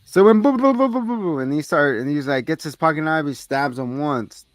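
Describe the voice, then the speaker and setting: On a casual podcast, a male co-host animatedly recaps a movie scene, acting out its profane lines. His voice runs on the high side with lively intonation and a slightly fast pace, and the recording has no echo.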